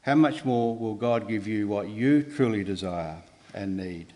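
A man preaching a sermon in an earnest, measured way, pausing and restarting, with emphatic rises on key words. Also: fairly low pitch, dark tone.

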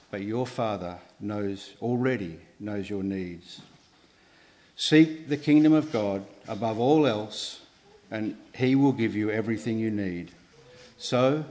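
A man's voice: medium pitch, darkish tone. Earnest man preaching a sermon. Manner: earnest, measured, with restarts and emphatic rises.

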